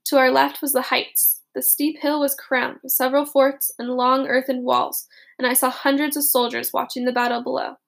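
Woman narrating a storybook, steady reading, high voice, gravelly fry. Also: moderate pace. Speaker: audiobook narrator. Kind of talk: first-person storybook narration.

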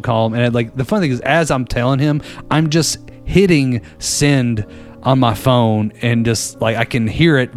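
A man calling in to a show, telling a story casually, laughing often and acting out the lines of the people in it. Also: mid-range voice. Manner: animated, laughs often, acts out others' lines. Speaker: caller. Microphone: phone call-in.

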